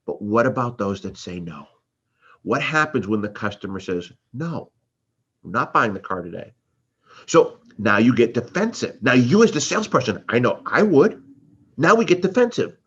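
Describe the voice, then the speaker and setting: Male sales trainer, lively and wide-ranging delivery, a touch husky, dull lo-fi sound. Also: mid-range voice, moderate pace. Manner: animated, acts out customer and salesperson exchanges. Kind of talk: live sales training talk.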